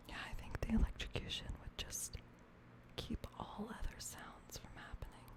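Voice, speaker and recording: A woman streaming as co-host, speaking in whispered role-play with playful swearing. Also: normal speed.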